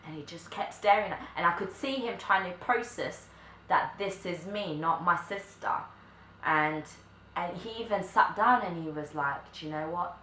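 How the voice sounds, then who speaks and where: A young woman, telling a story to camera in a chatty way, full of filler likes and quick laughs. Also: fairly low pitch, sharp tone. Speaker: vlogger. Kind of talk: casual storytime chat. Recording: echoey room, faint background noise.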